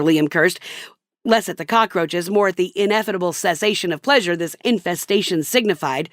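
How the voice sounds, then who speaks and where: A woman's voice: lowish voice, normal speed, no room sound, clean studio sound. A middle-aged woman reading her own comic personal story in a wry, self-mocking way. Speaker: narrator.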